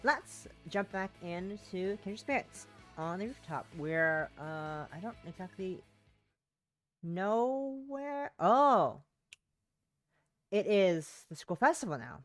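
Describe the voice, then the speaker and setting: A woman's voice: medium pitch, big pitch swings, slow, pauses often, faint music behind. A woman with a sore throat, streaming a game from home and chatting casually in a rambling, self-interrupting way. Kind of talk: casual gameplay chat.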